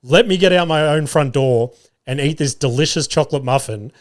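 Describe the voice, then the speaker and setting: A man's voice: a little high, fairly quick. Sweary man, casual podcast host. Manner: swears freely, rambling storyteller. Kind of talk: casual chat.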